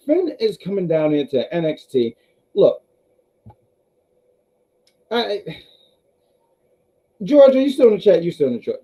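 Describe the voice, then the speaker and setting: A man's voice: fairly high pitch, highs cut off. A man hosting a casual wrestling review stream, rambling with restarts and talking to his live chat.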